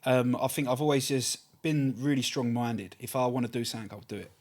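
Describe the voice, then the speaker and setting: A man in his thirties with an Essex accent talks at a brisk clip as an interview guest. His pitch sits in the middle range for a man. He speaks in a chatty, colloquial way and keeps circling back to short repeated phrases. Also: a little mellow. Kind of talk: casual interview chat.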